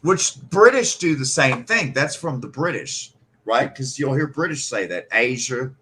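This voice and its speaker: A man's voice: medium pitch, big pitch swings, moderate pace, bright, forceful tone, breathy edge. A man hosting a casual podcast chat, playfully imitating regional pronunciations. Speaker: podcast host.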